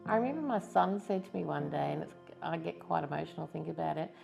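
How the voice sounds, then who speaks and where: A woman's voice: deep voice, animated, fast, vocal fry, music in the background. A woman in her fifties with an Australian accent, candidly and earnestly telling her own story as a stroke survivor in a testimonial interview. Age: 50s.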